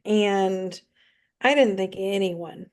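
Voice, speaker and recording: A woman's voice: medium pitch, slow. A woman author chatting casually as a guest, with lots of fillers and easy laughter. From North Carolina. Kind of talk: casual chat.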